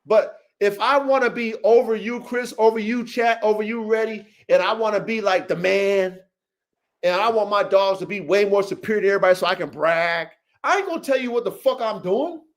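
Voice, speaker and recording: A man with a noticeably high speaking voice holds forth on a livestream podcast. He is brash and profane, boasting about his experience and hammering each point home while calling on listeners by name. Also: a little fast. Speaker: podcast host and dog breeder. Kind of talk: casual livestream podcast rant.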